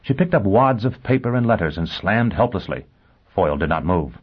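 A man narrating a science fiction story in a measured, even way. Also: fairly low pitch, slightly rough, lo-fi sound. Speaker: audiobook narrator. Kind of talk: scripted narration.

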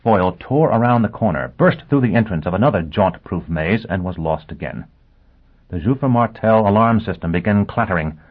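A man reading a novel aloud as narrator, in a steady, measured way. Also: on the low side, slightly rough. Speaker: audiobook narrator. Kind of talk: scripted narration. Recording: tinny lo-fi phone-like audio.

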